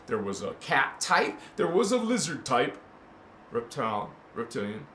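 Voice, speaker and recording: A man hosting a casual spiritual talk to camera, playful and slangy, swinging between loud bursts and hushed murmurs and chanting made-up syllables. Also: mid-range voice, sing-song, measured pace. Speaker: spiritual channel host. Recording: echoey room with faint ambient noise.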